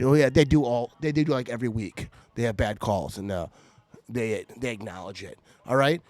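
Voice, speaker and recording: A man's voice: medium pitch, normal speed, a little mellow, no room sound. A man hosting his podcast from home at night, ranting in a fired-up, irritated way and stumbling over repeated restarts. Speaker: podcast host. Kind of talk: heated sports fan rant. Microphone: podcast mic.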